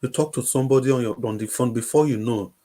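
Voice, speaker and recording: A man's voice: mid-range voice, fast, dark tone. A Nigerian man hosting a livestream, giving impassioned political commentary and repeating phrases for emphasis. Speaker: livestream host. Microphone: livestream microphone.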